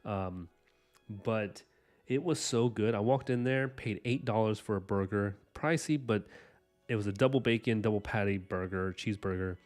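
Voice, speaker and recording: Rambling, low-voiced male stream host. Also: normal speed, a little mellow. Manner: rambling and enthusiastic, many "like"s and "you know"s. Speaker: livestream art host chatting with viewers. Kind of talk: casual live-stream chat.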